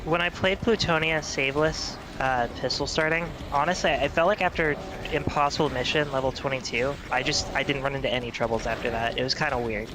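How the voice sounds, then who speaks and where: A man's voice: medium pitch, brisk, few pauses. Teasing man on a noisy line. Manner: teasing, talkative. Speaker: stream guest. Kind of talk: casual gaming chat.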